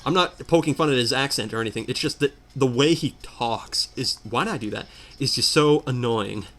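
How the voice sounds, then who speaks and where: A man's voice: medium pitch, fairly quick, fairly bright tone. A man ranting in exasperated commentary while playing a video game. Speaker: let's player. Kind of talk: ranting commentary over gameplay.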